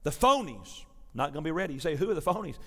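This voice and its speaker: A man preaching a sermon, telling a folksy story to his congregation in a lively, animated way. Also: fairly high pitch, fast. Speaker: pastor. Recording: preached in a reverberant sanctuary.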